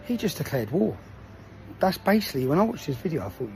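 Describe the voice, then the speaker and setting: Heated man with a lively voice. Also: fairly high pitch, fast, gravelly, soft background music. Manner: heated and emphatic, keeps asking "yeah?", swears. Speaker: activist addressing the public. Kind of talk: direct-to-camera video message.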